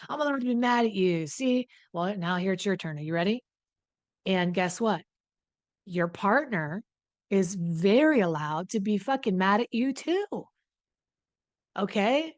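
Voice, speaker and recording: A woman's voice: fairly low pitch, no echo. A woman hosting an advice talk on addiction recovery, speaking bluntly and emphatically with frequent swearing. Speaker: host, addiction recovery coach. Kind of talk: direct-to-camera advice talk.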